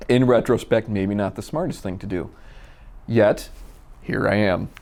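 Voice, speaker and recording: A man from Minnesota telling a personal story in a casual, animated way, acting out the dialogue. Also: fairly low pitch, a little slow. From Minnesota, USA. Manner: animated, acts out quoted dialogue. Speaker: storyteller guest.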